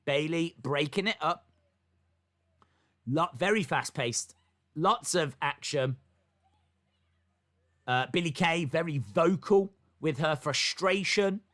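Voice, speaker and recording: A man's voice: on the high side, slow pace, pauses often, a bit bright. A young man hosting a live wrestling watch-along, calling the action and reading chat comments aloud. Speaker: wrestling stream host.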